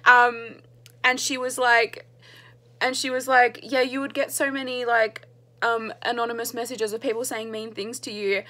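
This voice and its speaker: A young woman, excitedly telling a story to camera, gushing and full of "like". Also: a little high. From Australia. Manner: gushing, fast, heavy use of "like". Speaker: vlogger.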